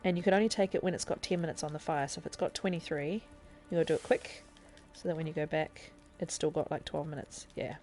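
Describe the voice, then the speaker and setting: A woman's voice: low voice, fairly even intonation, quick pace, few pauses, a little mellow, faint music behind. A woman streaming a video game live, chattily explaining the controls and thinking aloud as she plays. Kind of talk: casual live-stream gameplay tutorial.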